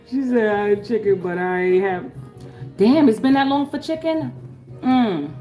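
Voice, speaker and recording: A middle-aged woman chatting casually on a livestream, dropping to soft murmured blessings and then rising into loud, excited outbursts. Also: on the high side. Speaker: livestream host. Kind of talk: casual live-stream chat.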